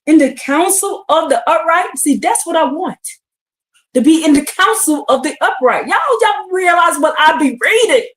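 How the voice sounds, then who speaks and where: Animated woman teaching scripture in an echoey room. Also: high-pitched, moderate pace. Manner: animated and exclamatory, reads verses then asks the audience questions. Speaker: Bible teacher on a live stream.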